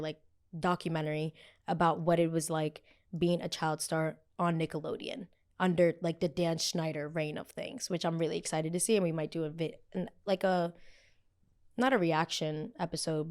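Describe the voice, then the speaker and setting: This is a young female podcast host doing a relaxed, one-person pop culture recap. Her voice sits low, and she chats animatedly, full of fillers and sudden excited outbursts.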